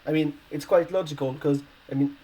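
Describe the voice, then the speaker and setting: A man walks learners through a grammar lesson in English, which is not his first language. His voice sits a little high but sounds mellow and soft-edged. He talks haltingly, with frequent fillers and self-corrections. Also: fairly even intonation, husky, rough recording. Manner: hesitant, many fillers and restarts. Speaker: language teacher.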